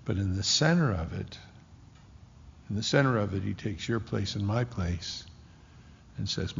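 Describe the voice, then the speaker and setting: A man preaching a sermon with impassioned, slowly drawn-out emphasis. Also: on the low side, vocal fry, a little hiss or hum. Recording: dull lo-fi with long hall reverb.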